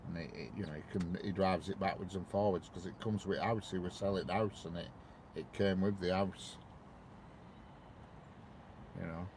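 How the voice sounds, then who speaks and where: Man, lower voice, loose rambling live-stream chat with viewers. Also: fairly even intonation, normal speed, long pauses, darkish tone, a little hiss or hum. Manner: rambling, chatty, greets viewers by name. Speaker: train-spotting live streamer.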